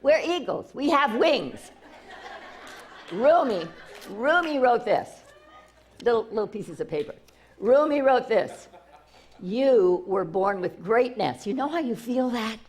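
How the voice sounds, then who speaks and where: A woman's voice: a little high, sing-song, unhurried, long pauses, husky. A woman spiritual teacher giving an enthusiastic inspirational talk, repeating herself and restarting phrases often.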